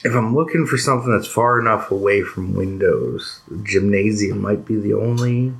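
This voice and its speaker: A man's voice: fairly low pitch, normal speed, creaky, poor audio. A man playing a tabletop role-playing game, thinking aloud and swearing casually. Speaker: player.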